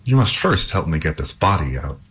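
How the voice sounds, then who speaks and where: A man's voice: very deep voice, very animated, brisk, a bit bright, breathy edge, heavily acted. A man reading a folk tale aloud, voicing a frightened young princess held captive by a troll, in an anxious, pleading tone. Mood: urging.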